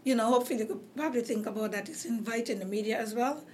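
Racing along in a fairly high-pitched voice, a Caribbean-accented woman hosts a relaxed interview chat while her voice is giving out. There's slight hiss or hum, and her talk rambles with lots of fillers and restarts.

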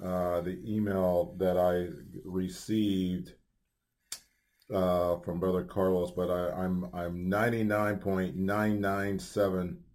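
Male radio host, slightly low voice, loose filler-heavy delivery, friendly upbeat announcements. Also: level tone, slow pace, darkish tone. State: hiccups. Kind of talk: casual radio show chat.

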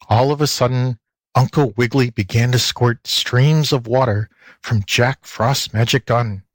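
Man reading children's story, slow pace, lively sing-song pitch, dry close sound. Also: no echo. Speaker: volunteer audiobook reader. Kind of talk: storybook narration.

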